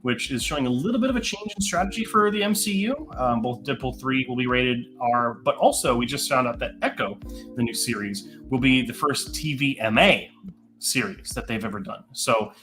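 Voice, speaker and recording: A man's voice: mid-range voice, fairly bright tone, soft background music. A man co-hosting a livestream, chatting casually about upcoming movies and reading out news items. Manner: upbeat, quick, reads headlines. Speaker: co-host.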